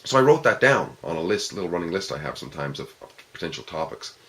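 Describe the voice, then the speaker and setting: A man with a low voice talks through a philosophical question before a small discussion group. He works through each idea step by step and asks his listeners questions along the way. His pitch rises and falls widely as he explains. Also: sing-song, fast, a bit bright. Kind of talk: informal philosophical talk.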